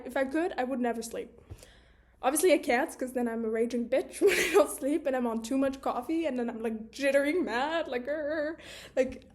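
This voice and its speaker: A woman's voice: high-pitched, darkish tone. A young woman talking frankly to camera in a casual monologue, swearing freely and filling her talk with "like". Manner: candid, swears freely, chatty with many "like" fillers. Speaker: video creator.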